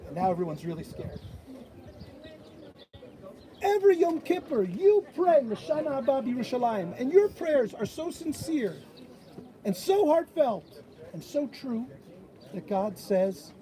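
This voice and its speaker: A man's voice: very high-pitched, a little slow, pauses often. A man giving a sermon at a bat mitzvah, telling stories and acting out the voices of people he quotes. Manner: animated storyteller who acts out quoted voices. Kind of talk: sermon with storytelling. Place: outdoors at an old stone wall. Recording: outdoor crowd noise.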